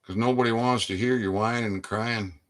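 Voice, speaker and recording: A man delivering a preachy political rant, exhorting his listeners and often rising into loud, emphatic outbursts. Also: on the low side, fairly even intonation, normal speed. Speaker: online commentator.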